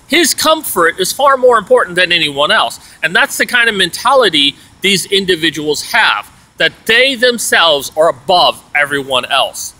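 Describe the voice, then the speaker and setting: Bright-voiced man ranting. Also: sits high, very animated, moderate pace, hardly any pauses, low-quality recording. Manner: rambling, aggrieved storytelling with many "you know"s. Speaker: vlogger. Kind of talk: casual personal rant.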